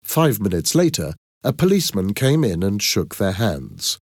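A man reading an audiobook in a clear, expressive storytelling manner. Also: on the low side, moderate pace, no echo, clean studio sound. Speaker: narrator.

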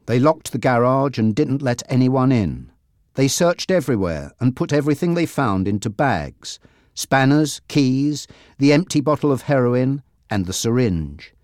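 A man narrating a graded reader audiobook, reading slowly and clearly. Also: medium pitch, no echo, clean studio sound. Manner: slow, clear, expressive reading.

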